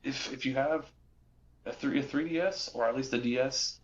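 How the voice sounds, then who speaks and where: A man's voice: mid-range voice, normal speed. Rambling young man on a dull recording. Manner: rambling, many restarts and fillers. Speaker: podcast co-host. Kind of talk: casual chat.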